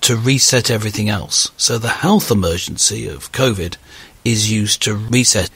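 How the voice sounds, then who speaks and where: A man hosting an audio discussion, talking in an earnest, animated conversational way. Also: fairly low pitch, normal speed, vocal fry, breathy edge, no room sound. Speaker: podcast host.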